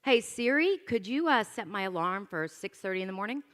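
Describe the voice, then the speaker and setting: Bright-voiced woman emceeing a gala. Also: mid-range voice, lively intonation, a little fast. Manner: playful, joking asides to the audience. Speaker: master of ceremonies. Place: large event hall. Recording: hall reverb from a PA system.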